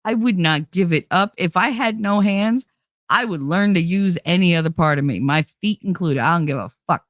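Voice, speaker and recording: With lively intonation and a moderate pace, the woman chats casually with her stream viewers, laughing plenty, swearing without restraint and bouncing between high and low notes. The studio-quality desk-mic recording carries no echo.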